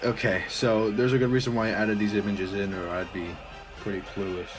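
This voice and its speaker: Low-voiced guy rambling about his old comic, kinda self-mocking, faint music. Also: level tone, brisk, low-quality recording. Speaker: creator reviewing his own old comic. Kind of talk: casual commentary.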